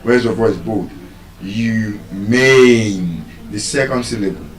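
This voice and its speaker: A man giving a pronunciation lesson, speaking slowly and deliberately, pausing and repeating words for emphasis. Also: fairly low pitch. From Nigeria. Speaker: teacher giving a pronunciation lecture. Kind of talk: classroom lecture, explaining and spelling out words. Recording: roomy echo, voice from a distance.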